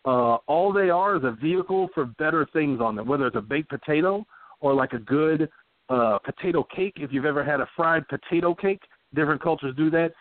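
A man's voice: a little high, a little fast, no echo. A man co-hosting a casual podcast, joking around and reading out listener questions. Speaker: podcast co-host. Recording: dry, phone-like sound.

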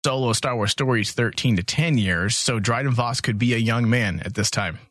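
A man's voice: mid-range voice, brisk, fairly bright tone, dry recording, studio quality. A man co-hosting a podcast in a casual chat, enthusiastic and joking. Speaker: podcast co-host.

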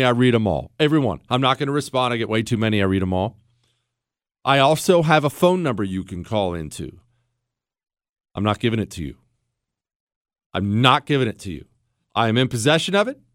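A man in his forties runs his own talk radio show in a brash, sarcastic monologue, with a slightly high voice. He bounces between mockery and deadpan asides. The studio sound is dry and close. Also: dry recording. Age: 40s. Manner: sarcastic, brash, fast-shifting, mock-acts callers.

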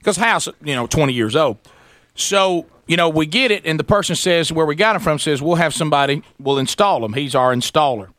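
Male radio host, animated storyteller, bright tone, dry studio sound. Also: fairly high pitch, fairly quick, no room sound. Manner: animated storyteller, acts out voices.

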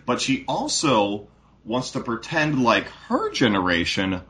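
A man co-hosting a casual movie review chat, picking the film apart with sarcastic, animated critique. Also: mid-range voice, measured pace.

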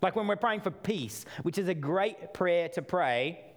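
A man's voice: sits high, lively intonation, measured pace. A middle-aged man preaching a sermon, chatty at first, then building to emphatic, repeated calls. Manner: conversational, builds to emphatic repetition. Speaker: pastor.

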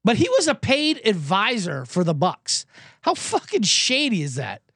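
A hoarse man hosting a comedic sports betting podcast, ranting in a sarcastic, profane way. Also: sits high, wildly swooping pitch, unhurried, a bit bright, no room sound, clean studio sound. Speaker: host.

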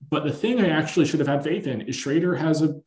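A man hosting a podcast, chatting casually about films and telling long, animated anecdotes. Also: fairly high pitch, fast talker. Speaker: podcast host. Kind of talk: casual film-discussion chat. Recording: echoey room.

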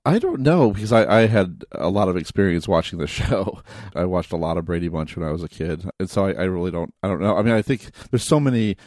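A man's voice: deep voice, expressive, quick pace, few pauses, a little mellow, dry recording, clean studio sound. A man co-hosting a film podcast, talking casually with frequent restarts and laughs. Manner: hesitant, many restarts and laughs. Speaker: podcast co-host.

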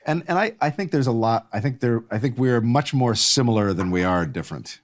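A man's voice: mid-range voice, lively intonation, a little fast. A man with an ordinary mid-range voice, speaking as a guest in a casual conversation. He argues with conviction, stacking up rhetorical questions to drive his point home. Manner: emphatic, arguing with rhetorical questions.

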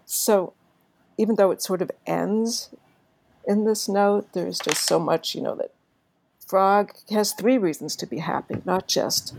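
A woman co-hosting a casual book discussion, talking in an animated way and reading passages aloud. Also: mid-range voice, measured pace, creaky, a little hiss or hum.

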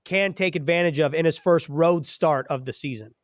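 Higher-voiced man hosting a podcast. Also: no room sound. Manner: upbeat, laughs, quick asides. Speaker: podcast host. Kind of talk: casual podcast chat, quiz asking.

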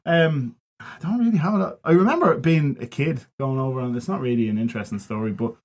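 A man chatting on a podcast with his mates, his words tumbling out quickly. He tells long, rambling stories peppered with swearing, in an ordinary mid-pitched voice. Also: darkish tone. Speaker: podcast co-host. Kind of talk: casual banter.

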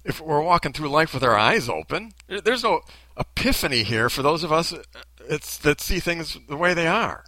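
Male commentator, sarcastic, blunt, bright-toned, very animated delivery. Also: on the high side, normal speed, dry recording, poor audio. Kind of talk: ranting commentary.

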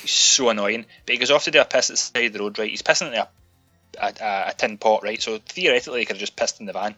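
A Scottish man rants and jokes his way through a casual film-review chat, swearing freely. His voice sounds bright and forceful. The recording is slightly dull and lo-fi, with faint music underneath. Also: on the low side, quick pace. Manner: sweary, ranting, animated. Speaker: podcast co-host.

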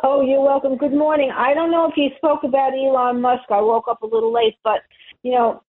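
A woman's voice: sits high, fairly even intonation, a little fast. A woman calling in to a radio show, chatty and rambling. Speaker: caller. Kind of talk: phone call to radio show. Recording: tinny phone line.

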